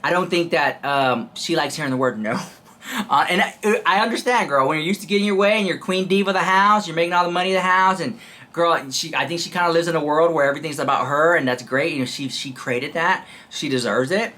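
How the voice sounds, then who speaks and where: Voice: medium pitch, quick pace, bright, forceful tone. A host chatting casually through gossip commentary, talking straight to viewers and calling them "girl" again and again.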